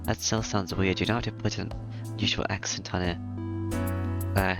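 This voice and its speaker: A man reads a visual novel aloud in a plain, steady way, sometimes stumbling and restarting. His voice is deep and gravelly. Music plays behind him throughout. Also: normal speed, long pauses. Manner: plain, steady reading with frequent fillers and restarts.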